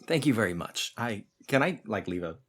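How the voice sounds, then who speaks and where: A man's voice: fairly low pitch, very animated, a little fast. A man playing in a tabletop game, talking in a wry, polite way with fillers. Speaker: player. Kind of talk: casual tabletop role-play.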